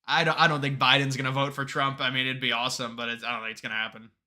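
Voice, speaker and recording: A man's voice: medium pitch, level tone, rapid-fire, pushed and bright. A man hosting a live stream, chatting casually with viewers and reading their comments aloud, often restarting his sentences. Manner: rambling, restarts sentences, reads chat aloud.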